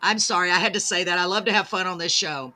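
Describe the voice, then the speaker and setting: A woman's voice: fairly low pitch, quick pace, pushed and bright. A woman hosting a live-streamed talk show, reading out viewer comments in a gushing, bubbly, self-deprecating way.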